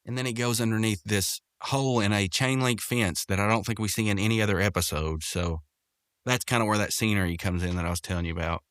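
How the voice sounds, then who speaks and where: A man's voice: lowish voice, quick pace, fairly bright tone, clean tone, no echo, studio quality. A man hosting a podcast, casually recapping a cartoon episode, rambling with lots of fillers and restarts. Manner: rambling, full of fillers and restarts, quotes characters in raised voices.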